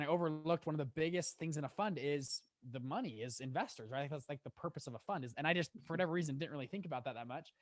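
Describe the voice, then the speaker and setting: Animated young man telling a story. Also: fairly high pitch, dry recording, clean studio sound. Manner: animated, quick storyteller with laughs and restarts. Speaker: guest, fund manager. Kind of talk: casual storytelling in an interview.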